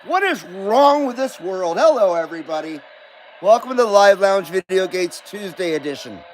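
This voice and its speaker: A man's voice: sits high, lively intonation, normal speed, slight background noise, low-quality recording. A man hosting a live stream in casual chat, reading viewer comments aloud and coughing now and then. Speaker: host.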